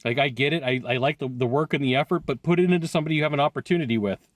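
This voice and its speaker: A man talking casually to camera as a sales coach, animated and quick, laughing often and breaking into asides. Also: medium pitch, no echo. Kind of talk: casual video talk to camera. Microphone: headphones on, recorded live.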